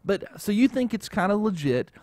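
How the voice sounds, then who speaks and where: A man's voice: sits high, sing-song, normal speed, darkish tone, dry recording. A man hosting a casual talk show who rambles and keeps adding "okay?" as he talks. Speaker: show host. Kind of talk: casual chat.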